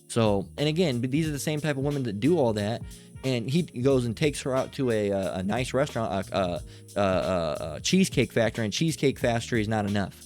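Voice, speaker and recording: A man's voice: mid-range voice, darkish tone. A man preaching in an unscripted rant, blunt and profane, full of "you know" and "all right?" tags and frequent stammered restarts, with Bible passages read aloud. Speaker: online preacher.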